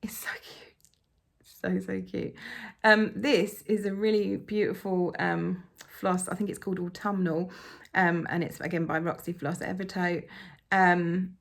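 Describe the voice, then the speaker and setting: A woman hosting a casual show-and-tell vlog about her cross-stitch work. She talks in a gushing, enthusiastic way, and her voice carries a gravelly edge of fry. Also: lowish voice, flat delivery, unhurried.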